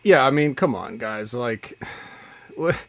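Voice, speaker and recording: Laid-back wrestling podcast co-host. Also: male voice, medium pitch, lively intonation, slow pace, fairly bright tone, no room sound. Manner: laid-back, reads listener comments aloud. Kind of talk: casual podcast chat.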